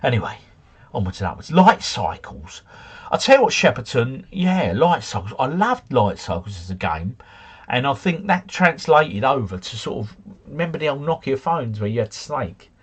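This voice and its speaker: A middle-aged man hosting a relaxed livestream from home. His voice is a little husky, and his pitch rises and falls a lot as he chats. He talks to his viewers in a loose, jokey way. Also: normal speed. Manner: chatty, jokey, drifts off into tangents. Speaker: livestream host. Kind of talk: casual chat reading live comments. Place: home, drinking beer. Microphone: desk mic.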